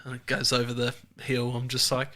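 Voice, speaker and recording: An Australian man with a bright, forceful tone hosts a relaxed chat about hunting trips. He talks easily and laughs through his stories, at an ordinary middle pitch. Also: brisk. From South Australia. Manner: laid-back, laughing storyteller. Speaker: podcast host. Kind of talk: casual chat, storytelling.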